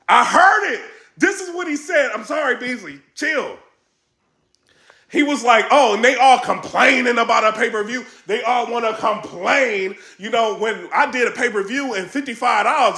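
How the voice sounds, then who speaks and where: High, excitable man with a gravelly edge. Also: normal speed, roomy sound. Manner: animated, laughing, quoting others in a raised voice. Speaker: battle rap commentary vlogger. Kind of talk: excited casual commentary.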